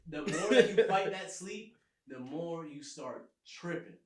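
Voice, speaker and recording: A man's voice: on the high side, animated, unhurried. A man on a podcast casually telling a laid-back story and laughing along with it. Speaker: podcast co-host. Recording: roomy echo.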